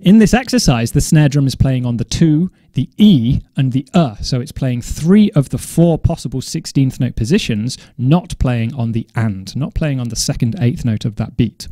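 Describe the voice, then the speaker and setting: A man's voice: mid-range voice, animated, mellow, no room sound. Methodical male drum teacher, dry sound. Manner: measured, methodical, self-correcting. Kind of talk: instructional explanation.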